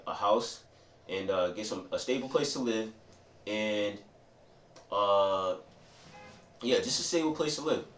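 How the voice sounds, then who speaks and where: A young man telling a candid story about his childhood, rambling, repeating himself and often asking "you know what I mean". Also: fairly low pitch. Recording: roomy echo, voice from a distance, faint ambient noise.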